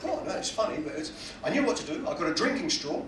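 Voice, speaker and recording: A man's voice: a little high, very animated, fast talker, crowd noise. A man doing a stand-up comedy set, delivering punchlines and acting out quotes. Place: cruise ship cabaret room. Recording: echoey room, distant mic, loud audience noise.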